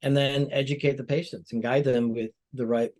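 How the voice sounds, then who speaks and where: A man's voice: medium pitch, fairly even intonation, moderate pace, a little mellow. A male plastic surgeon giving explanatory interview answers with frequent "you know" fillers.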